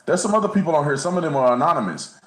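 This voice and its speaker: A man's voice: fairly high pitch, very animated, rapid-fire, a bit bright, roomy sound, poor audio. A man co-hosting a casual commentary livestream, talking bluntly and animatedly, often stumbling and repeating words. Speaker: co-host.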